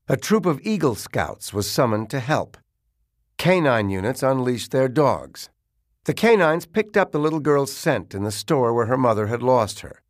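A man reading a crime novel aloud as the narrator, in a measured, even storytelling delivery. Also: medium pitch, no room sound, clean studio sound. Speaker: audiobook narrator.

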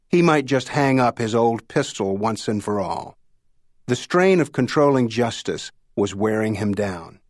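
A man narrating a novel in a measured storytelling delivery. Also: medium pitch, no echo, studio quality. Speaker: audiobook narrator. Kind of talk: scripted narration.

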